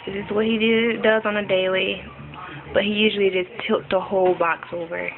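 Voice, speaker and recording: A woman's voice: medium pitch, level tone, normal speed. A young mother coaxing her toddler to name animals and say words, making animal sounds, recorded on a phone. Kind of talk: casual baby talk at home. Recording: tinny phone recording with music behind.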